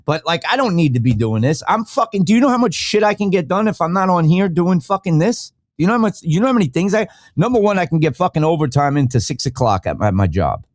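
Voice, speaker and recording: Heated, profane podcast host. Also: male voice, a little high, big pitch swings, quick pace, few pauses, no room sound. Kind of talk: ranting solo podcast talk.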